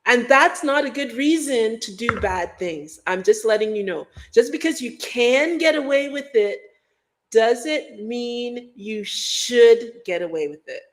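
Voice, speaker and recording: Speaking animatedly at a measured pace in a higher-pitched voice, a middle-aged livestream host from Guyana rambles casually, now and then humming beats or putting on mock voices.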